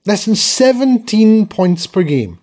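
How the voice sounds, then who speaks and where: Speaking slowly in a high, very animated voice with a slightly mellow quality, a sports podcast co-host launches into exasperated rants. It's casual sports chat, and he keeps restarting his sentences.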